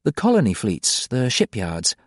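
A man voicing a gentle, anxious woman in an audiobook, speaking softly and quietly. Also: medium pitch, huge pitch swings, moderate pace, no room sound, clean studio sound, pitched above the performer's own voice. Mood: tender. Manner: soft, quiet. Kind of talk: audiobook character voice.

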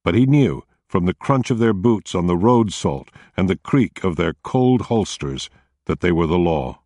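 A man narrating a story in a measured, even audiobook reading. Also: low-pitched, dry recording, clean studio sound.

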